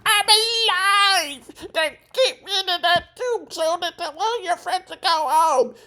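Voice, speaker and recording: A man doing a grumpy grown-up cartoon squid, pitched far above his own voice and drawn out slowly. The squid yells in an exasperated, shrill way, clearly a put-on cartoon voice. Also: exaggerated voice. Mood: furious yelling. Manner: yelling, exasperated, drawn-out words. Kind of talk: impression within a commentary vlog.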